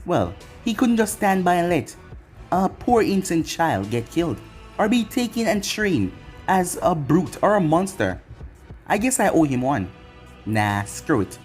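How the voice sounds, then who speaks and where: A man's voice: sits high, sing-song, measured pace, soft background music. A man narrating a fan story in first person, with sarcastic asides.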